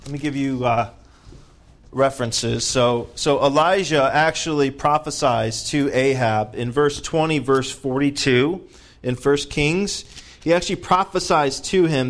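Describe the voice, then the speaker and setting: A man leading a Bible study, reading scripture aloud and breaking off for conversational asides and questions to the group. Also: on the high side. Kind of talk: reading scripture with casual commentary.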